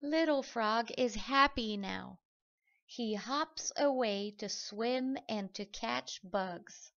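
A woman reading a children's story aloud, slow, careful and clear. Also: fairly high pitch, fairly bright tone, muffled recording. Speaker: storybook reader.

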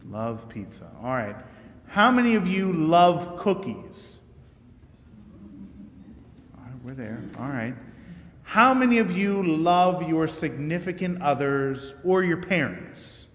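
Guy preaching a sermon, chatty and jokey, kinda high voice, big echoey church hall. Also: very animated, slow pace, fairly bright tone. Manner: conversational, jokey, asks the congregation questions. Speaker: guest preacher. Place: church sanctuary.

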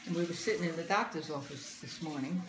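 A woman's voice: sits low, fast talker, noisy background. A woman telling a chatty anecdote in casual conversation at home. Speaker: daughter. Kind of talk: casual storytelling chat. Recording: echoey room.

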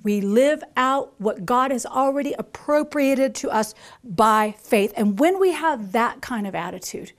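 A woman preaching a sermon, emphatic and repetitive, who slows down to stress scripture lines. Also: fairly high pitch, lively intonation. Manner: emphatic, repeats key phrases, acts out quoted voices. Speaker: mother. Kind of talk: conference sermon.

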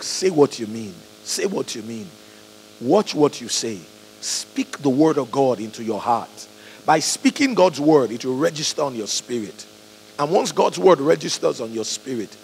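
A man preaching a sermon, acting out quoted voices and swinging between loud and soft. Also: mid-range voice, lively intonation, a little slow, gravelly, big-room sound, slight background noise, poor audio. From Nigeria.

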